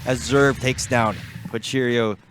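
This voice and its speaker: A man giving measured, analytical color commentary on an esports match, mixing English and Tagalog. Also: mid-range voice, steady tone, a bit bright, slight background noise. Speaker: esports co-caster.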